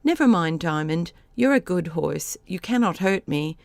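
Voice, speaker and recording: A woman's voice: fairly low pitch, expressive, normal speed, gravelly, dry recording, studio quality. A woman voicing a sly, vain young male horse with a smug, lofty manner, read for an audiobook. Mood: calm. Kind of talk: audiobook character voice.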